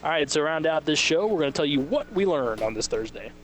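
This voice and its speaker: A man hosting a sports radio show live from a liquor store, chatting casually and quickly, sometimes mimicking other people's voices. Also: on the high side, expressive, slight background noise.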